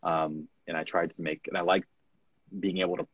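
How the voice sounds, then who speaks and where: A man's voice: deep voice, flat delivery, a little fast, breathy edge, no room sound. A man who narrates audiobooks, speaking candidly and reflectively in a conversational interview, recorded with dull, muffled lo-fi sound.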